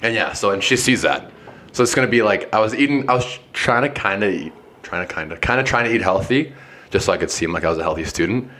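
A man's voice: on the low side, animated, fast talker, bright, forceful tone. A young man co-hosting a casual podcast chat with friends, laid-back and rambling, swearing freely. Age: young adult. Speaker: podcast co-host.

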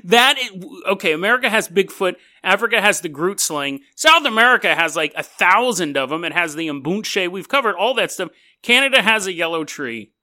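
Animated, bright-voiced male podcast host. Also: sits high, fairly quick, hardly any pauses. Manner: laughs often, jokey and animated. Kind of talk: casual storytelling podcast.

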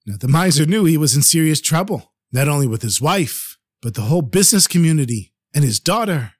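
A man tells an old folk tale in a lively, conversational manner. His voice sits a bit higher than most men's and the recording is close and dry. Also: brisk, hardly any pauses, no room sound. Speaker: storyteller. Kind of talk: narrating a Chassidic folk tale.

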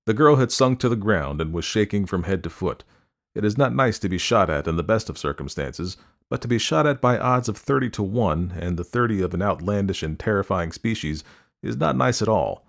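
Very deep-voiced male audiobook narrator. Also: animated, gravelly. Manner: measured, descriptive reading. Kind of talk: scripted storybook narration.

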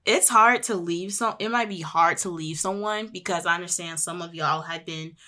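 Young woman host, casual storyteller, bright and slightly low-pitched, animated. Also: moderate pace. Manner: chatty and animated, acting out quoted voices.

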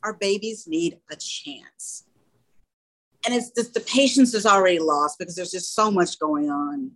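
A woman who runs a small school talks in a relaxed interview. She tells earnest, animated stories and acts out the other people's lines as she goes. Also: lowish voice, a little slow, rough recording. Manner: earnest, animated storytelling with quoted dialogue. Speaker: small school or daycare founder. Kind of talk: casual interview chat.

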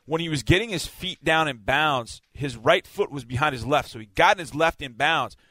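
A man, a sideline reporter, telling a game story in a casual, animated way on a sports podcast. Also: on the high side, moderate pace. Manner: animated, vivid play-by-play retelling.

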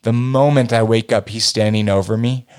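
A man telling a personal story in a casual chat, animated and profane, his voice jumping up when he acts out his younger self. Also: lowish voice, moderate pace, clean tone.

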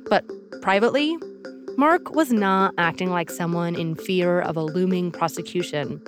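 A woman hosting a podcast, giving measured, dramatic scripted narration. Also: lowish voice, music in the background. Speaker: podcast host.

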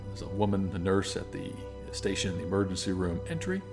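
A man's voice: sits low, big pitch swings, brisk, over music. A man narrating a tabletop game as game master, easygoing and hesitant, with many ums. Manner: easygoing, hesitant, laughs at own jokes.

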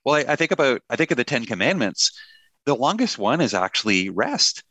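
A man's voice: mid-range voice, big pitch swings, fairly quick, bright, forceful tone, slightly rough, no room sound. A middle-aged man, a pastor and author, talking earnestly in a conversational interview with a touch of self-deprecating humor.

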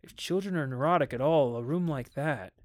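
A man gives voice to a worried father in a spoken storybook. He sounds stern and exasperated, and his outbursts turn sharp. The voice sits a little high, with a close, dry sound. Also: fairly quick, dry recording, natural voice. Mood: uneasy. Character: anxious wealthy father, stern and uneasy. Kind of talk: dramatic audiobook reading.

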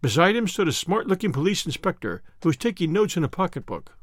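Expressive male audiobook narrator. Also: high voice, quick pace, dry recording, clean studio sound. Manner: expressive, storytelling. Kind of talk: scripted first-person narration.

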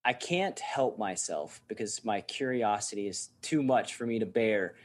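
A man's voice: lowish voice, unhurried. A man hosting a casual interview and asking curious questions.

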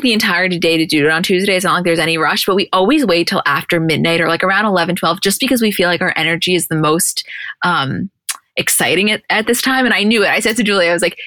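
A woman's voice: fairly low pitch, a bit bright, no echo. A woman co-hosting a podcast, casually recapping TV scenes and acting out the dialogue as she goes. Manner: chatty, retells scenes with quoted dialogue. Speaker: podcast co-host.

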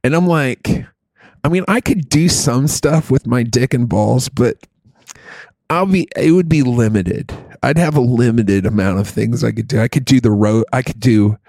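Raspy profane comedy podcast host. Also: male voice, mid-range voice, normal speed, a little mellow, dry recording. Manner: profane and joking. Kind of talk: casual comedy chat.

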